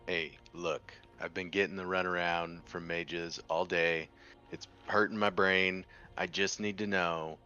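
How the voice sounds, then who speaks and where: A man's voice: deep voice, level tone, a little slow, sharp tone, lo-fi sound, faint music behind. Man playing a fed-up feline adventurer. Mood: exasperated. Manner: blunt, exasperated. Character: blunt, worn-out cat-like male adventurer. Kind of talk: tabletop game role-play.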